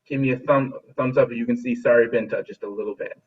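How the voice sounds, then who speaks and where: A man's voice: mid-range voice, fairly even intonation, quick pace, husky. A man teaching a remote music class over a video call, encouraging and often repeating or restarting his phrases. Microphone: laptop video call. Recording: distant dull video call audio.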